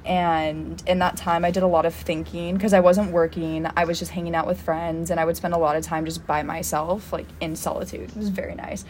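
A woman's voice: lowish voice, level tone, a little fast, few pauses, darkish tone, slight background noise. A young woman co-hosting a podcast, talking reflectively in a casual chat and filling her sentences with "like.". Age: young adult. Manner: reflective, rambling with many "like" fillers. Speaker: podcast co-host.

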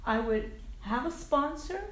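An older woman with a fairly high voice tells her recovery story at a meeting, frank and plainspoken, with casual swearing and self-mocking laughs. Her voice rings around an echoey room with a faint ambience behind it. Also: lively intonation, unhurried, a little hiss or hum. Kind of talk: personal recovery share.

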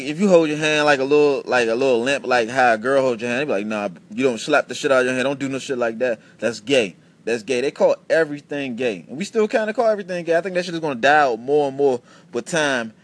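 Young man, animated profane podcast rant. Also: fairly high pitch. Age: 20s. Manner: animated, profane storytelling with many restarts. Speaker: podcast host. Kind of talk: casual solo podcast rant.

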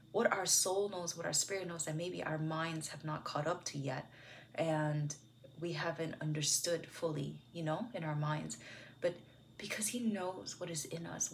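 A woman giving an earnest, reflective Bible commentary, speaking softly and sometimes slipping into a whisper. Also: fairly low pitch, slight background noise. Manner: soft-spoken, earnest, heavy use of "like" and "you know"; drops into a whisper at times. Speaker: devotional video host.

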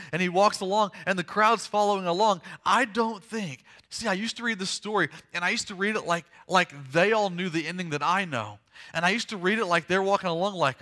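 A man preaching a sermon, retelling a story dramatically, acting out the voices and swinging from hushed to loud. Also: sits high. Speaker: pastor.

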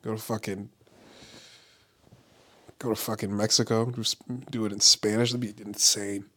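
A man's voice: lowish voice, flat delivery, normal speed, bright, forceful tone, husky. A man who does stand-up, ranting casually and profanely, rambling with lots of "like" and frequent laughs. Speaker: stand-up comedian. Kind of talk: casual podcast-style rant. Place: Los Angeles area.

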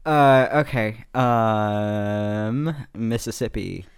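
Very low, slow deadpan woman. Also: smooth, no echo. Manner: dry, teasing, deadpan. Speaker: podcast co-host. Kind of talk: casual chat.

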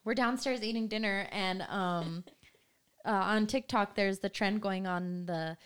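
A young woman co-hosting a casual podcast chat, telling stories in an animated, giggly way with lots of "like". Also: mid-range voice, measured pace, clear, resonant tone. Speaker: podcast co-host.

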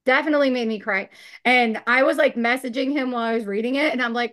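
A woman's voice: fairly high pitch, fast, a bit bright. A woman podcast co-host, a mother of teens, chatting casually, swearing freely and laughing often. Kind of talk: casual chat.

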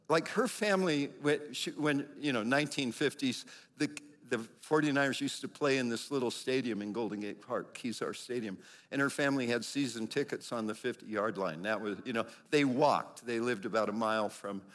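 Lively, slightly high-voiced male preacher. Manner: lively and conversational, with animated quoted voices. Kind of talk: sermon.

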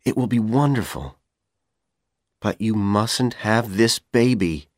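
A man reading an audiobook, voicing a handsome, scheming young college man who talks calmly and persuasively. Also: fairly low pitch, slow, no echo, clean studio sound. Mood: coaxing. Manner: calm, coaxing, persuasive.

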